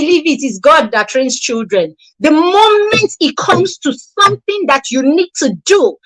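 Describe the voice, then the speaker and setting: Lady with a high voice lecturing parents, keeps firing rhetorical questions, a bit sarcastic. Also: fairly bright tone, rough recording. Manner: emphatic, repetitive, rhetorical questions, sarcastic asides. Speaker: parenting coach. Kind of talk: motivational talk to parents.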